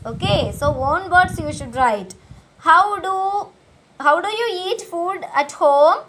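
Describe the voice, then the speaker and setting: Woman teacher, very high and bright, slow and patient with repeats for young pupils. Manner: slow, repeats each question and answer, coaxing. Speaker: school teacher. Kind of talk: recorded English lesson for young children.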